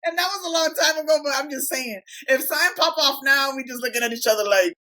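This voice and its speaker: A woman's voice: high-pitched, fast, pushed and bright. A woman in her thirties co-hosting a podcast, chatting candidly and swearing freely as she tells stories and acts out friends' lines. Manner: candid, profane, storytelling with quoted voices. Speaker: podcast co-host. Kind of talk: casual chat.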